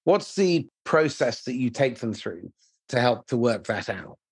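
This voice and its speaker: Measured male interviewer, husky voice, mid pitch. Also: very animated. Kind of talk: interview questions.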